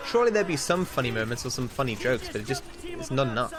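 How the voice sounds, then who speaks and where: A man's voice: mid-range voice, sing-song, quick pace. A young Australian man chatting casually while streaming a game, rambling, with candid opinions and frequent restarts. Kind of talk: casual chat while gaming. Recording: game music playing behind.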